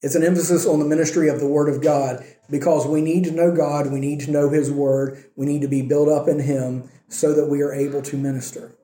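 A man's voice: on the high side, level tone, fairly quick, hardly any pauses, mellow, roomy sound. A male pastor preaching a sermon in a conversational way, reading verses and checking in with his listeners.

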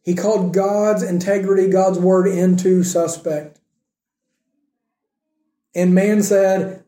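A man preaching a sermon, asking rhetorical questions and moving between emphatic lines and hushed ones. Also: sits high, little pitch movement, slow pace, long pauses. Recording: echoey room.

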